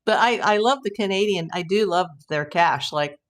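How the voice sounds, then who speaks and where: A woman's voice: lowish voice, moderate pace. A woman hosting a casual live stream, telling rambling anecdotes and laughing often. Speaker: host of a live YouTube channel.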